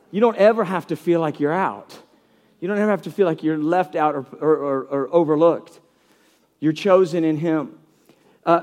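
A middle-aged male pastor preaching a sermon with passion, telling stories and acting out quotes in a hushed voice. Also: a little high.

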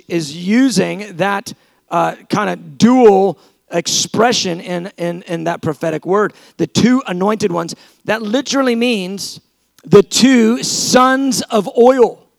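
A man preaching a sermon, telling stories with lively back-and-forth dialogue and building to passionate exclamations. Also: creaky, no echo. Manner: animated storytelling, acting out both sides of conversations; passionate, rising to shouts at high points.

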